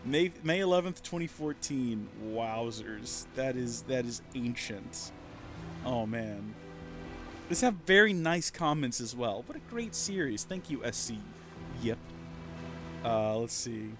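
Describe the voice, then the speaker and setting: A man's voice: medium pitch, big pitch swings, slow, fairly bright tone, faint music behind. A man in his thirties chatting casually as a streamer, rambling and poking fun at himself. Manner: chatty, rambling, self-mocking. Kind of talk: casual let's-play commentary.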